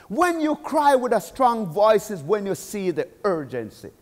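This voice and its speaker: A man preaching a sermon with urgency, swinging between soft asides and loud declaiming, in a church sanctuary. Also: high-pitched, big pitch swings, a little slow, hardly any pauses, in a large hall.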